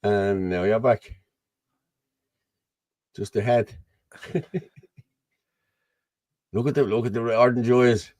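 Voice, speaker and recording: A man's voice: fairly low pitch, steady tone, slow, pauses often, a little mellow, dry recording. An Irish man hosting a casual political chat over a video call, rambling and blunt, often asking "you know what I mean". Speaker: host.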